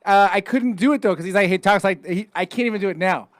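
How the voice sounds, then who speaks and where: A man in his late thirties with a high voice hosts a casual podcast, asking questions between joking, profane banter. The sound is dry and close. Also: fast talker, no room sound. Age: 30s. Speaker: podcast host.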